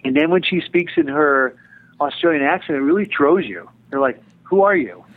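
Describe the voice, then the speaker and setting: A man's voice: on the high side, moderate pace. A middle-aged man, a television director, giving chatty, digressive interview answers with a joking streak. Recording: tinny phone-line audio.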